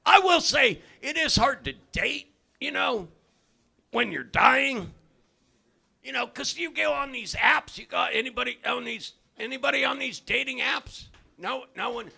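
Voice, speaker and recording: An older man doing a stand-up comedy set in a club, loud and profane, often shouting his punchlines. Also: very high-pitched, animated, a little slow, gravelly, breathy edge. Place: comedy club stage, live audience.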